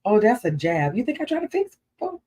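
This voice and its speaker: Animated laughing woman telling a story. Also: a little high, quick pace, slightly rough. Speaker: co-host. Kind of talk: casual chat.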